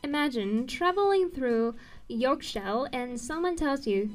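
Woman narrating an explainer, a bit high voice, earnest, trips on words sometimes, soft music under. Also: expressive, a little slow. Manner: earnest, occasionally stumbles and corrects herself. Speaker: video presenter.

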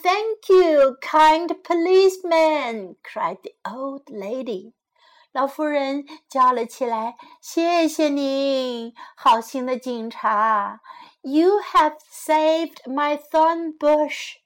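A woman doing a high, tearful old lady. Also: extremely slow, heavily acted. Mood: grateful. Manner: plaintive, rises to loud high cries. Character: tearful old woman who loves her thorn bush.

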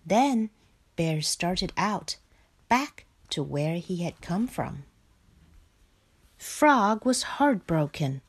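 Slow, expressive woman reading a picture book. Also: lowish voice. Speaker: storyteller.

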